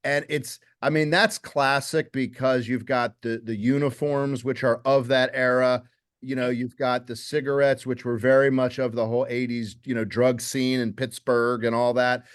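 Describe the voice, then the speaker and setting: A man hosting a podcast, telling a story in a measured, hesitant way with many fillers. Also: mid-range voice, level tone, clean tone, no room sound, studio quality. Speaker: podcast host. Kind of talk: casual conversation.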